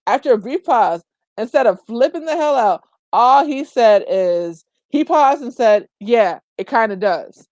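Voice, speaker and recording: Brief: woman vlogger, animated and emphatic, slangy commentary, dry close sound. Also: on the high side, unhurried, dry recording. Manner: colloquial, says "child" and "girl" often. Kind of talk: opinionated commentary vlog.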